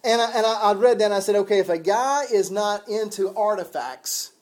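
A man's voice: sits high, fairly quick. A man preaching a sermon in a conversational, folksy way, with chuckles and casual asides.

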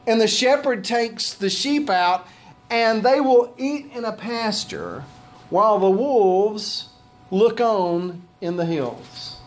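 A man preaching a sermon as pastor, with animated shifts in pitch and pace. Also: slow.

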